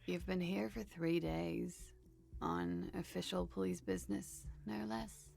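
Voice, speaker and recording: A dry-humored young woman in a video game. She speaks slowly and flatly, with a gravelly, lowish voice and game music faintly behind. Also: exaggerated voice. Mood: deadpan. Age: 20s. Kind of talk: dubbed game dialogue.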